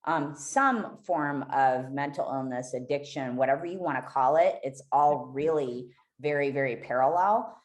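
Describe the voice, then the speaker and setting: A woman's voice: very deep voice, normal speed, few pauses. A woman guest on a podcast, candidly telling a raw, emotional personal story and swearing freely.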